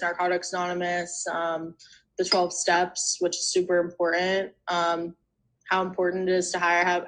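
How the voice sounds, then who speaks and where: A woman's voice: on the low side, a bit bright, rough recording. Young woman telling her story casually. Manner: rambling, fills speech with "you know" and "like". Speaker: guest sharing recovery story.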